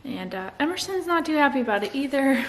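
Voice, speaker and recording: A woman's voice: sits high, big pitch swings, fast, a little hiss or hum. A woman vlogging as a mom, chatting frankly and tiredly and laughing often. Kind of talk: casual vlog chat.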